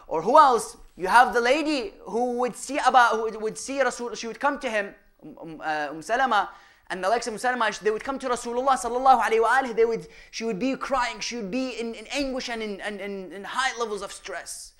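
In a mosque or Islamic center hall, a man with an extremely high-pitched voice gives a fairly quick religious lecture. He fires rhetorical questions at the audience, swinging between loud emphasis and hushed asides.

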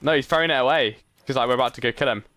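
A man chatting casually while playing a shooter game, excitable, swearing and laughing often. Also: mid-range voice, very fast, dry recording. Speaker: gamer. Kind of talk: casual gaming chat.

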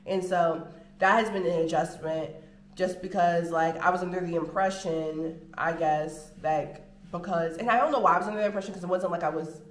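An American woman vlogging in casual chat to the camera, animated and full of drawn-out filler words. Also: lowish voice. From United States. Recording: roomy home room echo.

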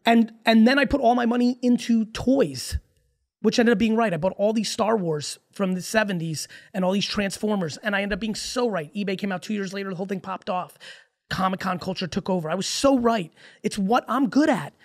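Gravelly-voiced man ranting emphatically. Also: high voice. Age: 40s. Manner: emphatic, profane, rapid-fire storytelling. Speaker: podcast guest. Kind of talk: casual podcast conversation.

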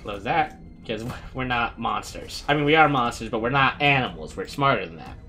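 A man's voice: mid-range voice, lively intonation, normal speed, sharp tone, soft background music. A man hosting a casual let's-play, joking and talking to the characters on screen as he plays. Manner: playful, jokey, talks to game characters. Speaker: gaming video host.

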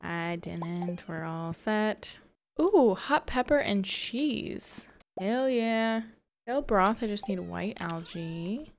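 A woman hosting a let's-play video, chatting casually and bubbly as she plays, with gasps of excitement. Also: medium pitch, takes it slowly. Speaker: gaming video host. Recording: faint game music behind.

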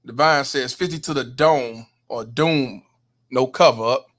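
On a laid-back livestream, a male host with a medium-pitched, fairly bright voice goes through viewer comments at a measured pace. He names each chatter, keeps saying "hundred percent," and backs their points with strong emphasis.

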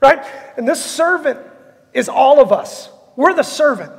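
High-voiced gravelly preacher in a reverberant church. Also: male voice, measured pace. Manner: animated storytelling, acting out characters. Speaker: pastor. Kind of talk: sermon. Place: church sanctuary.

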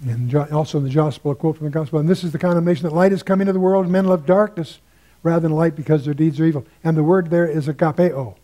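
An older man leads a Bible study lecture, wandering into asides. His voice sits a bit high but sounds mellow and warm. He lifts his tone when he quotes scripture. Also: rapid-fire, few pauses. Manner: musing, digressive, quotes scripture in a lifted voice. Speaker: Bible teacher.

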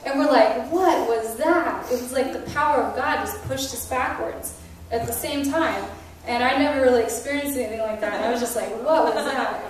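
High-voiced woman sharing testimonies. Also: fairly quick, slight background noise. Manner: animated retelling with quoted dialogue, laughs between lines. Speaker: conference speaker sharing testimonies. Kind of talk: testimony storytelling. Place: large conference hall. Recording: echoey hall, voice from a distance.

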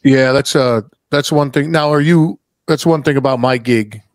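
A man hosting a podcast in casual chat, a loud, animated storyteller who swears freely. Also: mid-range voice, moderate pace, no room sound, clean studio sound. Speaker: podcast host.

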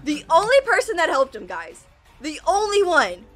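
A woman reacting to an animated video, gasping and crying out at twists and mocking the characters in quick asides. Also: very high voice, faint music behind.

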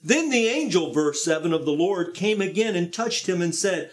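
A man preaching in a church service, reading scripture aloud and then leading a prayer in a softer, earnest voice. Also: expressive, moderate pace. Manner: reads scripture aloud, voicing speakers with rising emphasis; prayer in a soft, lower earnest voice. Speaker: pastor. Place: church sanctuary, live-streamed service.

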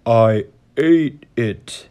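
A man voicing a friendly pet dog in a children's story, with a slightly gruff, altered voice. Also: mid-range voice, extremely slow, warm tone. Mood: sheepish.

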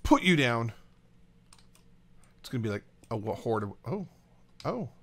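A man hosts a let's play in a loose, rambling commentary style. He gets excitable and chats to the objects he handles, his voice sitting at an ordinary middle pitch. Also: measured pace. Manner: excitable, rambling, talks to game items. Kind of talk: casual gameplay commentary.

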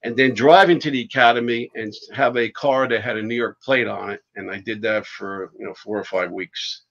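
A man, a podcast guest and fire chief, telling stories in a casual, animated way and swearing freely. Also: fairly low pitch, normal speed, gravelly. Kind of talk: casual storytelling. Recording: dull lo-fi podcast audio.

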